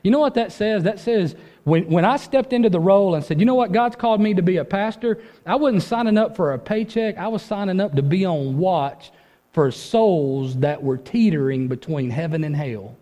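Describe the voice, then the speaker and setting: A man preaching a sermon as pastor, urgent and conversational, dropping low then rising with force. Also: moderate pace, warm tone, long reverb tail. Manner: urgent, conversational preaching with dramatic drops and rises.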